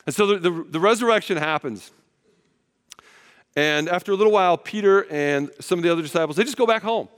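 A man gives a sermon in a loose, conversational way and acts out each quote as he tells the story. His voice sits a little high for a man. A long hall reverb trails after his words. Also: a little fast, fairly bright tone, clear, resonant tone. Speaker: pastor.

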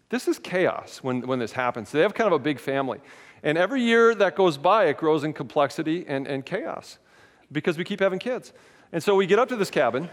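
A man preaching a sermon as a pastor, telling stories in a candid, self-mocking way. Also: fairly high pitch. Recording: long hall reverb.

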